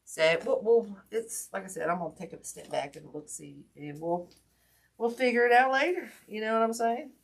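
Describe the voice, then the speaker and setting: A woman's voice: mid-range voice, animated, moderate pace, creaky. A woman hosting a casual wreath-making livestream, folksy and chatty with lots of ums, greeting viewers by name while her hurt hand aches.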